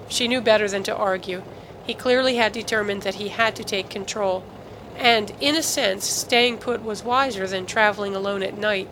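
A woman's voice: medium pitch, moderate pace, fairly bright tone, slight background noise, poor audio. Woman narrating a novel steadily. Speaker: audiobook narrator. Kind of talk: scripted narration.

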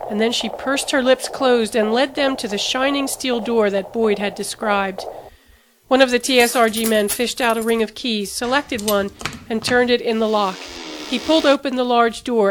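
A woman narrating an audiobook in a steady, even storytelling manner. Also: a little high, a little hiss or hum.

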